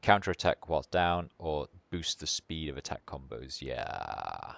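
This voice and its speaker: A man's voice: a bass voice, normal speed, a bit bright. A man streaming a game, making casual, musing commentary with mumbled asides.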